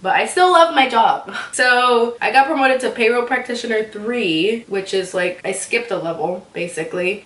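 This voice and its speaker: A young woman telling a casual storytime vlog, animated and ranting, often laughing. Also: medium pitch, distant mic. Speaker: vlogger. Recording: echoey room, voice a bit off-mic.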